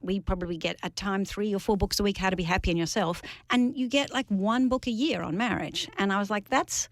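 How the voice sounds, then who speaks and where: A woman's voice: mid-range voice, fairly quick, no echo. Australian woman, articulate interview guest. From Sydney, Australia. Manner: articulate and conversational, explaining ideas at length. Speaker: guest, author and journalist. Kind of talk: radio interview. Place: radio studio.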